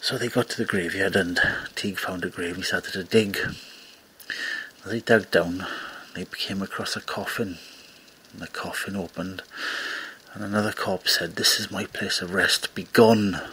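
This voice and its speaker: Guy retelling an old folk tale, deep gravelly voice, faint background hum. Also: steady tone, pushed and bright, poor audio. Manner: unhurried storytelling with small restarts. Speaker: storyteller host.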